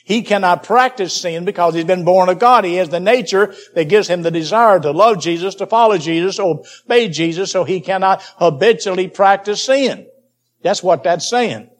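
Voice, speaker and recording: A man's voice: sits high, moderate pace. A man preaching a Bible teaching sermon, emphatic and repeating key phrases for stress.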